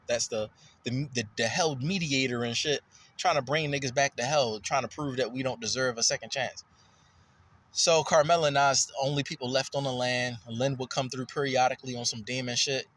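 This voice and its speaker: A man rambling loosely through a casual, profane monologue, his voice jumping up when he gets worked up. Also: a little hiss or hum. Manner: loose and profane, jumps in pitch when excited. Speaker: vlogger.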